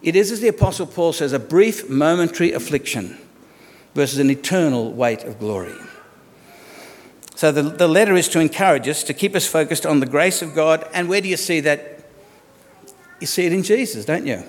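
Aussie pastor guy in his 50s, chatty sermon with lots of questions to the crowd, kinda high voice, long echo in the hall. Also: animated, normal speed. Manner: conversational, asks the congregation rhetorical questions.

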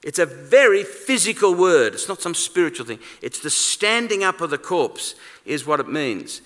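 A man preaching a sermon in a conversational, animated way, acting out quoted lines. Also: on the high side, moderate pace. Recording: long reverb of a large hall.

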